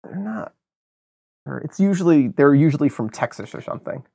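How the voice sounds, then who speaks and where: An American man co-hosting a podcast, talking through a film review in a rambling, animated way with many fillers and restarts. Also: fairly high pitch, a little fast, gravelly, no room sound. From United States. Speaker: podcast co-host. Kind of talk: casual film review chat.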